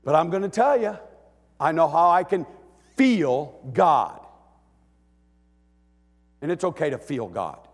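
A middle-aged man preaching a sermon, animated and emotional, swinging from hushed lines to shouts with joking asides. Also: on the high side, slow, pauses often. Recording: echoey church hall.

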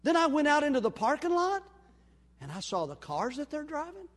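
A male pastor with a high voice, preaching and acting out a story's dialogue as he swings from loud to hushed. His sermon rings with long reverb in a church sanctuary. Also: huge pitch swings, a little fast.

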